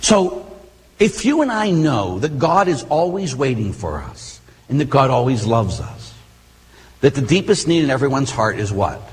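Husky priest preaching in a reverberant church. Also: male voice, medium pitch, normal speed. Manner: animated storytelling with conversational asides. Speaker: Catholic priest. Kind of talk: sermon. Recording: long hall reverb.

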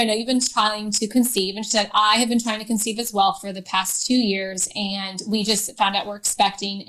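A woman in her thirties, a podcast guest, telling a personal story in a halting way, full of fillers and restarts. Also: medium pitch, fairly bright tone, rough recording. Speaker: interview guest.

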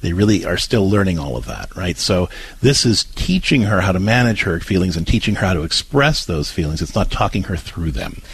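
A man with a lowish, husky voice talks through parenting advice on a talk show. He explains earnestly and patiently, often restarting his sentences as he thinks. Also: sing-song, brisk.

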